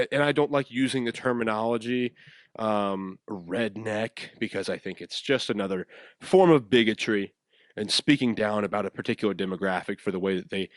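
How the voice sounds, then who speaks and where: A man's voice: medium pitch, dry recording, clean studio sound. Young man telling a rambling story. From West Coast of the USA. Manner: animated, rambling, acts out quotes. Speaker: podcast host. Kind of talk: casual storytelling.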